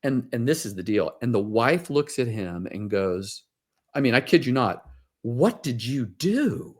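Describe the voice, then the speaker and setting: A man at a middle pitch speaks casually as an interview guest. He tells stories in a loose, rambling way, full of fillers and restarts. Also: expressive, moderate pace. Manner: storytelling, many fillers and restarts. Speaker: guest financial advisor.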